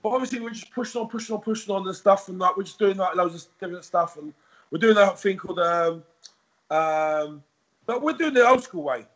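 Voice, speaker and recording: A man being interviewed as a podcast guest, talking in a rambling, repetitive, animated way with a husky voice. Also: high-pitched, fairly quick, muffled recording. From United Kingdom.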